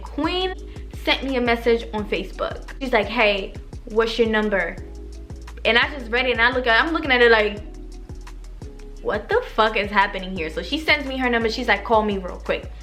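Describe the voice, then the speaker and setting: Slangy animated young woman telling a story. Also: a little high. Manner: animated, slangy, swears freely, talks to viewers as "y'all". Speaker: vlogger. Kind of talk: casual storytime. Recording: faint background music.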